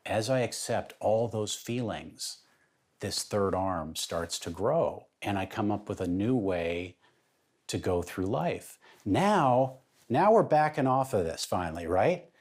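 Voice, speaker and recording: A man's voice: on the low side, expressive, slow, darkish tone. A man speaking as an interview guest, telling a personal story in an emphatic way that builds in intensity.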